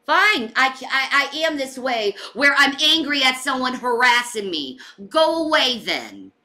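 Woman, high voice, very bright, angry livestream rant, swearing. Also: animated, measured pace. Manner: heated, swearing, venting.

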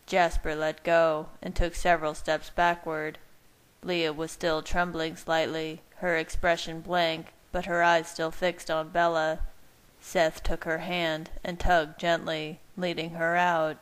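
A woman reading fan fiction aloud, her voice slightly low. She keeps a steady, even narrating pace between the characters' lines. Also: slow, smooth. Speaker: reader.

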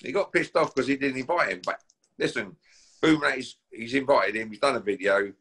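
A man's voice: medium pitch, a little fast, fairly bright tone, breathy edge. A man from Essex with an Essex accent, a guest boxer on a call, talking in a brash, taunting, swearing way. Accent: Essex English. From Essex, England. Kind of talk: casual call-out chat.

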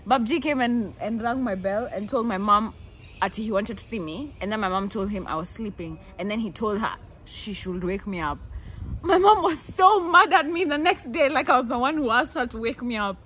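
Kenyan girl in her 20s vlogging, animated and playful, bit of faint hiss behind. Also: fairly high pitch, normal speed. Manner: animated, playful, laughs often, acts out quotes. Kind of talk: casual storytelling.

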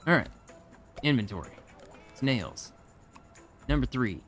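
Male let's-play host, animated pitch, chatty reactions, faint music underneath. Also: slow. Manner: chatty, reacts aloud and laughs at the game. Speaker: gamer. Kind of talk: casual let's-play commentary.

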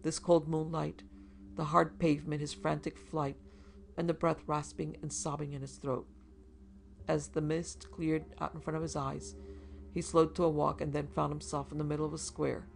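A man narrating a macabre short story in a measured, even storytelling delivery. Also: on the high side, gravelly. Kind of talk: scripted horror story narration.

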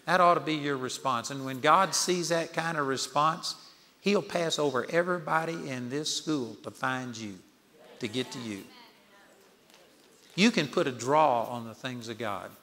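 A man preaches and prays with fervent, exhorting conviction. His voice is bright and forceful, and it rings through a large hall with a long echo. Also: mid-range voice, moderate pace. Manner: fervent, exhorting, praying aloud. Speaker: Bible college founder and teacher. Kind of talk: sermon and prayer. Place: large auditorium. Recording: reverberant hall.

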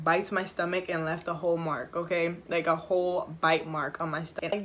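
Chatty young woman, low voice. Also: a bit bright, a little hiss or hum. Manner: chatty, slangy, profane, addresses viewers. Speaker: vlogger. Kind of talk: casual storytime while eating. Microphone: phone camera.

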